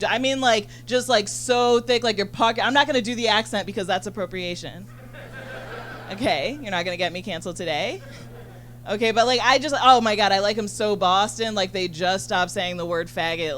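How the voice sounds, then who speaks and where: A woman's voice: medium pitch, fairly bright tone. Bubbly chatty woman doing stand-up. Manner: chatty, bubbly, lots of fillers and quick asides. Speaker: stand-up comedian. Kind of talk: stand-up set. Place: comedy club stage in front of an audience.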